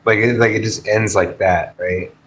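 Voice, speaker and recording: A man's voice: fairly low pitch, steady tone, moderate pace, fairly bright tone, a little hiss or hum. A man hosting a livestream, chatting with viewers in a rambling, stammering way and swearing freely. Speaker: livestream host. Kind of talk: casual chat with stream viewers.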